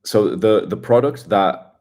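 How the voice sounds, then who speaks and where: A young man hosting a live stream, talking in a blunt, profane, rapid casual rant. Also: on the low side, a little mellow. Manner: blunt and profane, with fast asides. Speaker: livestream host.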